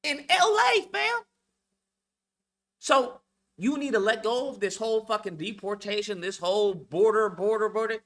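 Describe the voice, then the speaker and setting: A man's voice: high voice, normal speed. A man delivering a heated, profane monologue rant as a channel host, blunt and repetitive, lecturing his listeners.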